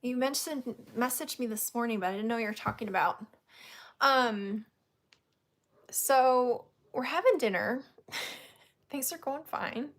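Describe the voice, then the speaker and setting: A woman's voice: a little high, animated, unhurried, long pauses. A woman hosting a casual chat, telling a story candidly and laughing often. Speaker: host.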